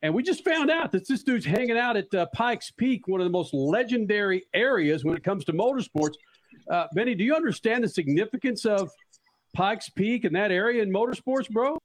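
A male radio host in casual talk, excited and rambling, chatting with a guest like a buddy. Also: high voice, fairly quick. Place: radio studio.

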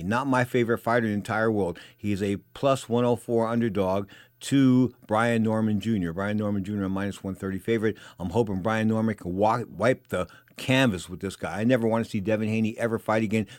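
An older man hosting a boxing talk radio show speaks fast in a loose, opinionated monologue, returning to the same points over and over. His fairly low, darkish voice is close-miked in a studio, dry with no echo.

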